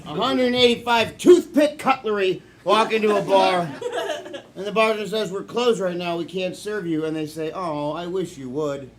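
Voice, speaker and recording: A man performing improv on stage, making up quick jokes and laughing at his own lines. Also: high-pitched, a loud crowd. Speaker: improv comedian. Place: comedy club stage. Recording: live room with loud audience noise.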